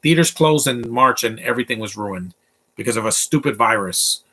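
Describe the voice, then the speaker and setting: A man's voice: medium pitch, expressive, normal speed, bright, forceful tone. A man in his twenties giving casual live commentary over a film, blunt and opinionated, rambling with many restarts. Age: 20s. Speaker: movie commentator.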